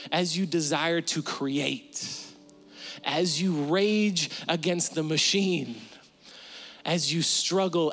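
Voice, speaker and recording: A man preaching a sermon as pastor, animated, acting out inner voices with sudden jumps in pitch and dropping to soft, slow tones for prayer. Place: church stage.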